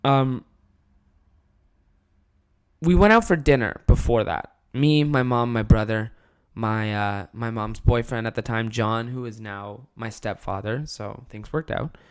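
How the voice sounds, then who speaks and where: A young man hosting his podcast solo, telling a childhood story with lively swearing and acted-out quotes. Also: medium pitch, a little slow, smooth. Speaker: podcast host and comedian.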